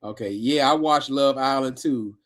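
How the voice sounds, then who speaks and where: A man's voice: medium pitch, normal speed, crowd noise. A man co-hosting a casual live stream with his wife, reading viewer comments aloud and laughing often. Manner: relaxed, laughs often, reads chat aloud. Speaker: co-host of a live review show.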